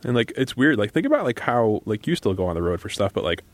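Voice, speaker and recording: A man co-hosting a podcast, teasing his partner in quick casual banter. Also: on the low side, sing-song, no echo. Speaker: podcast co-host. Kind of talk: casual chat.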